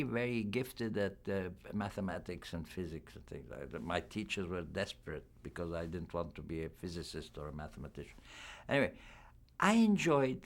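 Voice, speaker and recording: A man's voice: on the low side, gravelly. An older man, a film actor, giving a candid, reflective press interview.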